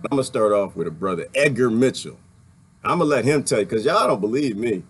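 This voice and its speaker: A man's voice: mid-range voice, lively intonation, fairly quick, slight background noise. A man delivering a rambling, heated and sarcastic monologue as a video commentator, laughing now and then between points. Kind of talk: ranting monologue.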